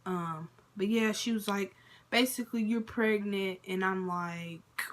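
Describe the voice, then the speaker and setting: A woman's voice: mid-range voice, a little slow. Chatty young woman telling a story. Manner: chatty, lots of fillers and quoted dialogue. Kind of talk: casual storytime vlog. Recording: faint background noise.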